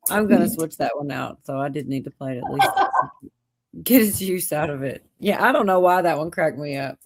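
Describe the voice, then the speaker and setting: A woman's voice: sits low, lively intonation, brisk, heavy background noise. A woman hosting a casual livestream, rambling and laughing easily. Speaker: livestream host.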